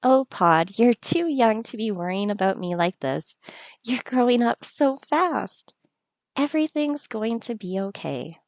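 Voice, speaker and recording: A woman reading out a gentle, motherly village woman from a farming game in a slightly raised, fond voice. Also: on the high side, animated, measured pace, dry recording. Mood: tender.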